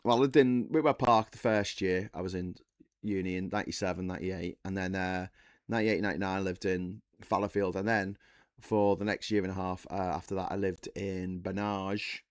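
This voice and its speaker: Guy hosting a morning chat, low voice, sweary and rambly, dead dry sound. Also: fairly even intonation, fairly quick, no room sound. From Liverpool, England. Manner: rambling, sweary, stammering restarts. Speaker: host. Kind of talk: casual live chat show.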